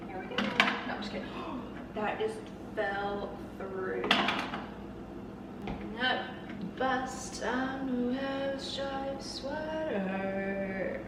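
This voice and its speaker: A woman's voice: medium pitch, measured pace, echoey room, distant mic, very noisy. A young woman hosting a casual vlog, chatty and joking as she tastes coffees and drifts into tangents. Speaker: YouTuber.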